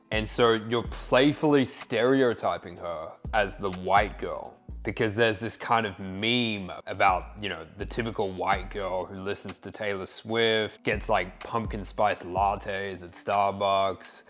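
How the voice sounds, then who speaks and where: A man's voice: fairly low pitch, normal speed, few pauses, soft background music. Slangy, laid-back young male dating coach. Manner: relaxed, slangy, sprinkled with "like" and "you know". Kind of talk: casual instructional monologue.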